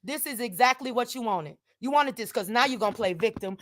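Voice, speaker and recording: A woman hosting her channel, ranting angrily at someone. She repeats herself, swears, and swings from low muttering to shouting. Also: animated, brisk, few pauses, no echo, clean studio sound. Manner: swears freely, addresses viewers directly. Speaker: channel host. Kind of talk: heated direct-to-camera rant.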